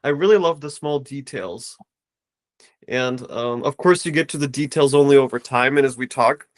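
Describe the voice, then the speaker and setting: Calm man explaining as an astrologer. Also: mid-range voice, moderate pace. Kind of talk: casual consultation.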